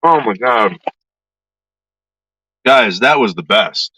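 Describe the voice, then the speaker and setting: A man's voice: mid-range voice, expressive, takes it slowly, long pauses, bright, forceful tone, breathy edge, no echo, rough recording. A man ranting to his viewers in a vlog, swearing often and talking in an agitated way. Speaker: YouTuber.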